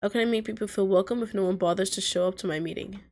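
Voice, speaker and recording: A woman's voice: mid-range voice, racing, a little mellow. Woman, game host, reads a visual novel aloud, snarky side comments. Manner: snarky asides and laughs. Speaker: gaming video host. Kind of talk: reading a dating sim aloud with reactions.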